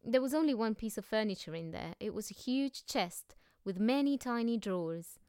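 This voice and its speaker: A woman narrating a children's story as an audiobook reading, gentle and measured. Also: a little high, animated, smooth, no echo, clean studio sound.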